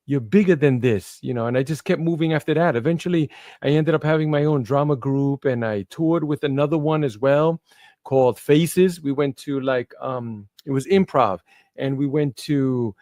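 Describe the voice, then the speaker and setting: A man hosting a casual interview in a laid-back way, with a lot of soft affirmations to his guest. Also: mid-range voice, moderate pace, no room sound, clean studio sound. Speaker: host.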